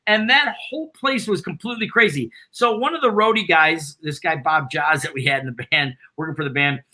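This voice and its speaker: A middle-aged man, a band founder, excitedly rambling through road anecdotes as a guest in a casual interview. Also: a little high, fairly quick. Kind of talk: casual storytelling.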